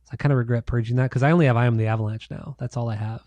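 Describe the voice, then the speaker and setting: A young man co-hosts a casual podcast in a relaxed, easygoing way and keeps the segments moving. His pitch sits in the middle for a man. The sound is dry and close. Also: racing, no room sound. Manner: relaxed, laughs often, drives the segments. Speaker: podcast co-host. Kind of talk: casual chat.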